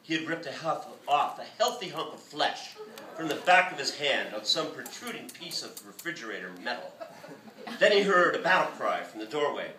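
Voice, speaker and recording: A man reads his own novel aloud at a bookstore event in a lively, expressive way. His voice is bright and animated, picked up from a distance. The room is echoey, with faint noise behind. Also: fairly high pitch, moderate pace. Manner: lively, expressive reading with shouted character lines. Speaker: author. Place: bookstore reading.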